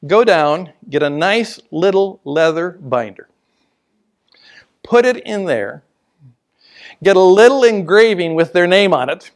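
Male motivational speaker, slightly high, gravelly, animated storyteller who dips into whispers for emphasis. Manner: laughs at his own stories. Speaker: motivational speaker and business trainer. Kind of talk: storytelling business talk.

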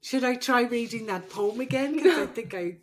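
An older woman, a podcast host and midwife, speaking tenderly through tears in a halting, emotional heart-to-heart with her daughter. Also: on the high side, lively intonation. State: crying.

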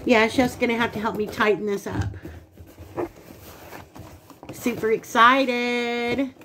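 A woman's voice: a little high, steady tone, fast, slight background noise. A woman co-hosting a casual unboxing vlog, gushing and talking straight to her viewers. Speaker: channel co-host.

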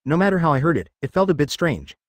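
A calm, curious young adventurer, read out by a man's text voice from a machine-read fan story. The delivery is fast and lively. The sound is dry and close. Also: on the high side, no room sound, voice pushed up. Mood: plain. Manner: plain read voice, no change for the role.

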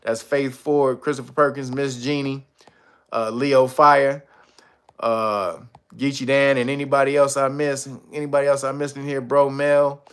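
A man's voice: mid-range voice, level tone, unhurried, a bit bright. A man hosting a livestream, talking tough and blunt with profanity, breaking into laughs. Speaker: livestream host. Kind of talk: livestream pitch and commentary.

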